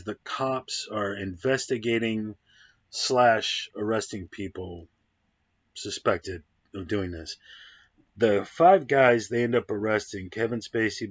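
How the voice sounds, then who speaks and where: A man's voice: lowish voice, no echo. A man giving a casual, rambling film review, full of ums and restarts, on a dull, dry, lo-fi recording. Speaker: movie reviewer.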